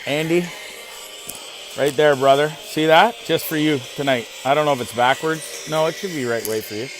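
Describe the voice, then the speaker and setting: A man hosting a casual live stream, rambling excitedly and greeting viewers by name. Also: a little high. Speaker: host of a live online show.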